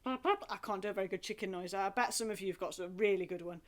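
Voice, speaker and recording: A woman leading a remote singing lesson from home, talking in a gentle, encouraging, chatty way with playful asides. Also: medium pitch, fast talker. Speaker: singing group leader. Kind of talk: friendly remote group singing and movement lesson.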